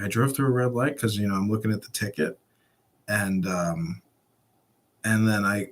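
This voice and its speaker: Male podcast co-host, casual chat, loose profane storyteller. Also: medium pitch. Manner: profane, laughing, animated storytelling.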